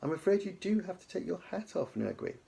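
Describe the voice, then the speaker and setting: A man's voice: high-pitched, very animated, brisk, vocal fry, mellow, breathy edge, pitched above the performer's own voice, full character voice. A man doing a prim flustered schoolteacher. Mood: insistent. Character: flustered polite female schoolteacher.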